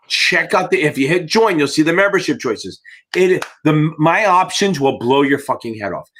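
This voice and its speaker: A man's voice: a little high, pushed and bright. A man hosting a live exam-prep Q&A, giving blunt, profane, fired-up coaching in a casual livestream way.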